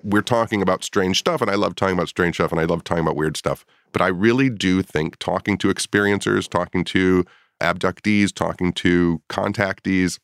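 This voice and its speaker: A middle-aged man with a very low voice tells a story in a casual podcast chat. He is a paranormal investigator, and he jumps up in pitch when he acts out his own past reactions. The sound is dry and close. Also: brisk, no echo.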